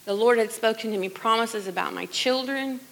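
A middle-aged woman sharing a personal testimony in church, earnest and conversational, often dropping to a hushed voice. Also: fairly high pitch, fairly quick, gravelly, poor audio. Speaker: worship leader sharing testimony.

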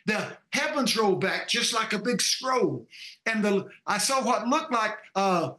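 Older man, Texan accent, animated storyteller, echoey room. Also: sits high, unhurried. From Texas. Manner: animated storyteller, acts out voices, many uh fillers. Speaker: show co-host. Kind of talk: personal storytelling on a call-in show.

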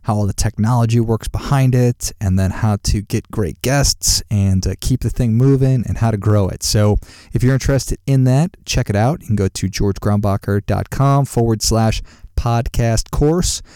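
A man podcast host reading a brisk promotional announcement. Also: fairly low pitch, mellow, dry recording. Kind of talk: read announcement. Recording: dry close-mic studio sound.

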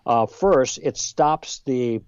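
A man guest on a podcast, explaining ideas in a lively conversational way and acting out exchanges. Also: medium pitch, takes it slowly, smooth, no echo, lo-fi sound. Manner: lively, role-plays exchanges with emphasis. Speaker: guest author.

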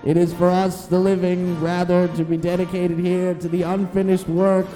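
A man putting on the voice of a solemn old statesman, slowly declaiming a speech. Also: high-pitched, monotone, soft background music, voice pushed up, natural voice, poor audio. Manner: slow, declaiming, loud. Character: solemn old male president giving a speech.

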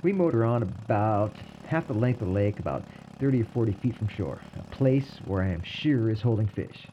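A man narrating a personal story in a calm, wry way. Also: lowish voice, normal speed, dull audio, a little hiss or hum.

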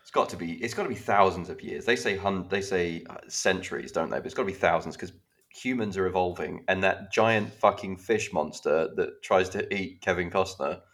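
A man's voice: sits low, a little fast, a bit bright. A man co-hosting a casual podcast, chatty and given to casual swearing as he retells scenes. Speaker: podcast co-host. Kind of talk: casual chat.

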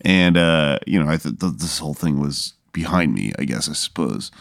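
A male comedian guest answering an improvised scenario in a halting, hesitant way, laughing often. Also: a bass voice, lively intonation, vocal fry, no room sound, clean studio sound. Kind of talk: casual improvised chat.

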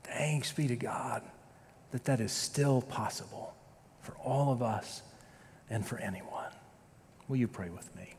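A man preaching a sermon as pastor, telling a story with dramatic loud peaks and quiet, slow prayerful passages. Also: medium pitch, slight background noise. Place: church sanctuary. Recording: long reverb of a church sanctuary.

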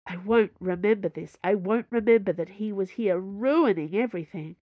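A woman's voice: mid-range voice, normal speed, no echo, highs cut off, natural voice. A woman reading the lines of a fierce, desperate young woman in an audiobook, with an intense, urgent delivery.

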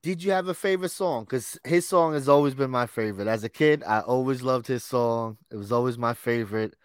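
A man's voice: mid-range voice, brisk, clear, resonant tone, no room sound, studio quality. A man co-hosting a podcast in casual chat, enthusiastic and calling his co-host "bro".

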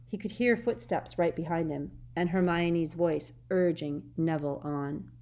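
A woman narrating a story aloud, steady and expressive. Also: on the low side. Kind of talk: audiobook narration.

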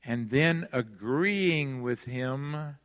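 An older man delivers a sermon to a congregation, earnest and emphatic, slowing to lean on his key words. His voice sits at an ordinary middle pitch. The sound rings with the long reverb of a large church sanctuary. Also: fairly bright tone. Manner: earnest, emphatic, with slow stressed phrases. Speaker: pastor.

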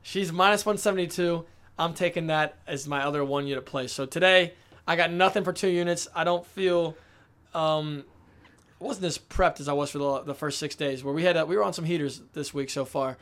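A young American man co-hosting a tennis podcast, telling stories in a lively, joking way. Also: on the high side, fairly quick. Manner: excitable storyteller, laughs often. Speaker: podcast co-host. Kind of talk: casual sports chat.

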